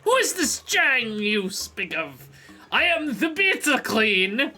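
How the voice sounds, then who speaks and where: A man voicing a haughty, imperious insect queen in a video game, slow and contemptuous in his delivery. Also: very high-pitched, sing-song, sharp tone, slightly rough, faint music behind, pitched above the performer's own voice, exaggerated voice. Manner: commanding, contemptuous, slow and drawn out.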